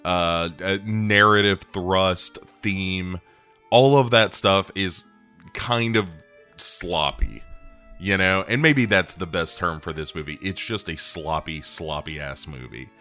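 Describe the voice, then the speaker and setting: A man's voice: deep voice, slow, sharp tone, faint music behind. A man hosting a podcast, reviewing a film in a rambling, profane, enthusiastic way with lots of ums and uhs. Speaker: podcast host. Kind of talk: casual movie review monologue.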